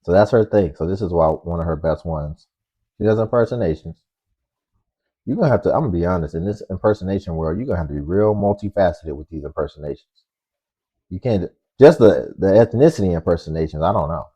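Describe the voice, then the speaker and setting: A man hosting a reaction video, speaking in a relaxed, slangy way as he comments casually. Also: low-pitched, fast, husky. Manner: relaxed, slangy, drawls and hedges. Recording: dull lo-fi audio.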